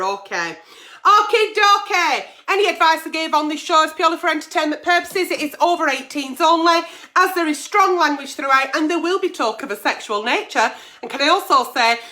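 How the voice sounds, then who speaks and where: A woman's voice: high voice, bright, forceful tone. A middle-aged woman hosting a live-stream advice show, chatty and swearing freely as she reads out viewer comments and letters. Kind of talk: live-stream agony aunt chat.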